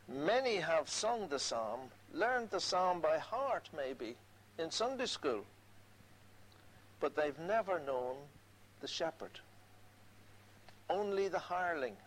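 An older man delivers a sermon in a somewhat high voice. He reads scripture slowly and adds conversational asides between the verses. A faint hiss sits under the recording. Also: big pitch swings, a bit bright, rough recording. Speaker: preacher.

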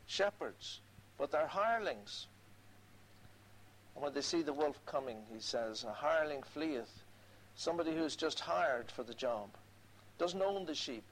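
An older man delivers a sermon in a somewhat high voice. He reads scripture slowly and adds conversational asides between the verses. A faint hiss sits under the recording. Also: rough recording. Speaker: preacher.

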